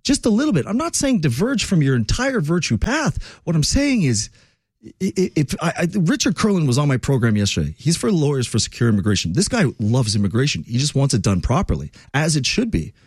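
Animated sarcastic political commentator man. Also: fairly high pitch, brisk, husky, dry recording. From Quebec.

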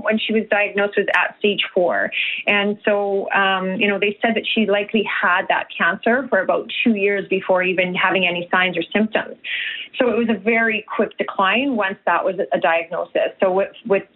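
A woman from Canada speaks as a guest over a tinny phone line. She talks earnestly and often restarts with fillers. Her voice sits at an ordinary middle pitch. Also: steady tone, moderate pace. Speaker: guest, nutritionist and health coach. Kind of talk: broadcast interview.

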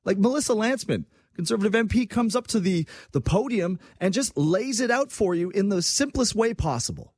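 A man from Quebec giving casual political commentary on his own program, animated and sarcastic. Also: high-pitched, no room sound, studio quality. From Quebec, Canada. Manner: animated, sarcastic, quick asides.

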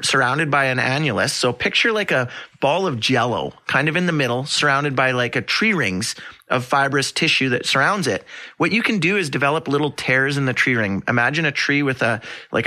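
A man hosting a health podcast, explaining an injury in casual terms and using simple everyday comparisons. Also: medium pitch. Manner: explains with homely comparisons, animated. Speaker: podcast host and health practitioner.

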